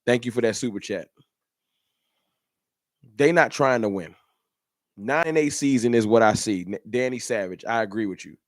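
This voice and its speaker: A man's voice: mid-range voice, normal speed, long pauses, no echo, studio quality. A man hosting a fan channel livestream, ranting in an emphatic, repetitive, slangy way. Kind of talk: livestream rant.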